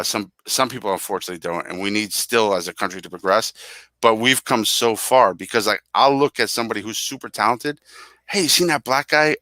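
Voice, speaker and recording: A middle-aged man co-hosting a music podcast in casual chat. His voice sits low and sounds bright and forceful, recorded close and dry. He talks earnestly and wanders off on tangents. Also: no room sound. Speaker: podcast co-host.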